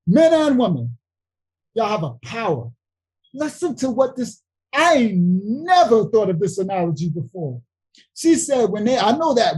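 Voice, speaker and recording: A man with leading a livestream Bible study, preaching in an animated, emphatic way straight to his viewers. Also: very high voice, husky, low-quality recording.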